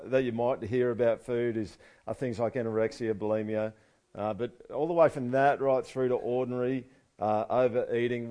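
A man's voice: mid-range voice, dark tone. A man preaching a casual sermon full of joking, sarcastic asides. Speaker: pastor.

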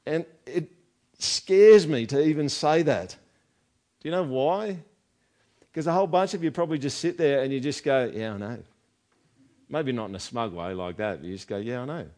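A man's voice: on the high side, expressive, normal speed, warm tone. A man preaching a sermon in a conversational way, often asking the congregation rhetorical questions. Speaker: pastor.

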